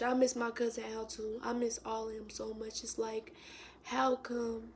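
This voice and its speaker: A woman's voice: a little high, level tone, moderate pace, slight background noise. A young woman tells a sad story in a vlog, close to tears and often dropping to a whisper. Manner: emotional, tearful, drops to a whisper. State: close to crying. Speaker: vlogger.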